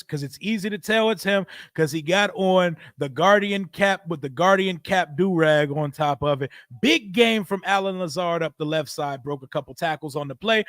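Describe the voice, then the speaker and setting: A man's voice: high voice, a bit bright, no room sound, clean studio sound. A man hosting a live football watch stream, reading chat aloud and calling plays in a loose, profane, joking way. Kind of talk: casual live reaction and play-by-play.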